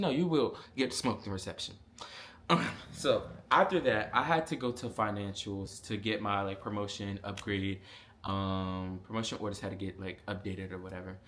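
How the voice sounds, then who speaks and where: A young man, telling a casual storytime vlog with lots of fillers and animated asides. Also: lowish voice, moderate pace, slight background noise. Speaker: vlogger.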